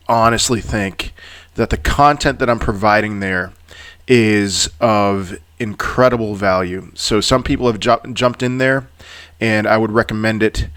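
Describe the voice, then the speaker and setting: A man giving crypto market commentary in a vlog, ranting in an animated, exasperated way and often repeating words. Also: mid-range voice. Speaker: crypto YouTuber.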